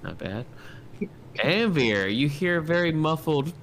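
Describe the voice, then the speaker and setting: A man's voice: a little high, sing-song, takes it slowly, background noise. A man narrating as game master in a casual, rambling way, full of fillers.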